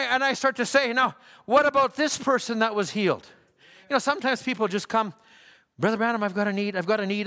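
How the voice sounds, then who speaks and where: A man preaching a sermon at a church service, emphatic and repetitive, building to shouts. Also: sits high. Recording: church hall with long reverb.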